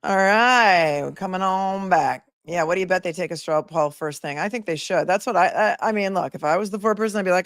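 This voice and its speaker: A woman attorney hosting a casual livestream, chatting and reading out viewer comments with quick asides. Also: lowish voice, no room sound, studio quality. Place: home in a remote area.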